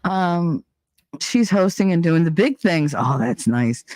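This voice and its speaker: A woman's voice: fairly low pitch, lively intonation, slow, darkish tone, dry recording. Blunt, swearing woman chatting solo. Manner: blunt, opinionated, swears freely, laughs often. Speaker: podcast host. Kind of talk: casual solo chat.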